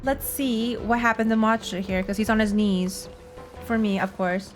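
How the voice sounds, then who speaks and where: A woman's voice: mid-range voice, fairly even intonation, normal speed, soft background music. Young woman streamer rambling through a game reaction, worn out, chatty. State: tired. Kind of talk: casual gaming reaction commentary.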